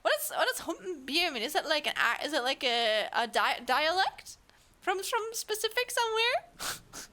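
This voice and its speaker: A young woman from Germany, German accent and all, rambles and giggles with her stream viewers from home, using lots of fillers. She speaks in a high, bright, forceful voice with lively intonation, at normal speed with few pauses.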